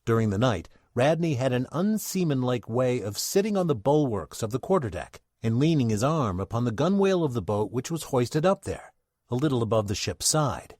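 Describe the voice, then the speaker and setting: A man tells a classic sea tale in a theatrical old-time radio style, his pitch rising and falling a great deal. The voice sits close and dry, with no room sound. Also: moderate pace, dry recording. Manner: theatrical, expressive storyteller. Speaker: narrator.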